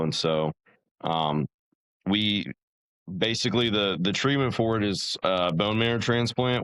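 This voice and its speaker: A man's voice: low-pitched, a bit bright, smooth, no room sound, low-quality recording. A young man, a podcast guest, telling his story in a casual, rambling way, full of fillers and restarts.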